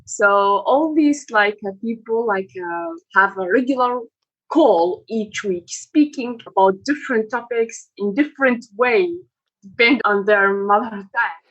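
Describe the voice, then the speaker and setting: Halting woman on a muffled call. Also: a little high, husky. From Iraq. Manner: halting, searching for words with many pauses. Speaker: interview guest. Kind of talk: casual interview chat.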